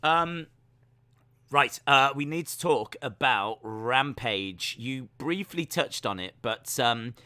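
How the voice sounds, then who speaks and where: A man's voice: mid-range voice, expressive, slow pace, bright, forceful tone, no echo. A man co-hosting a casual podcast chat over a video call, teasing and laughing often. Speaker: podcast co-host.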